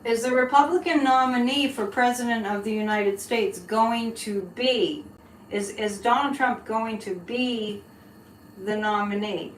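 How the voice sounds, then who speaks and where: A woman's voice: on the high side, steady tone, a little slow. A woman hosting a live-stream psychic reading, chatting loosely with viewers and laughing between remarks. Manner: chatty, laughing, rambling asides to chat. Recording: echoey room, faint background hiss.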